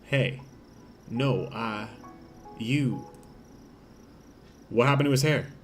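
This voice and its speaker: A man's voice: mid-range voice, extremely slow, faint music behind. A young man streaming a game, reading the story aloud, laughing often, swearing and cracking jokes. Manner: jokey, laughs often, swears, switches into silly character voices. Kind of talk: casual let's-play commentary with voiced lines. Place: home streaming setup.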